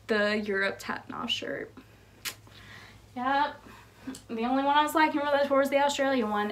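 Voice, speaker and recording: This vlogger sits in her bedroom displaying her fan merchandise, chatting in a rambling, giggly way full of "like." Her voice sits on the high side and sounds fairly bright.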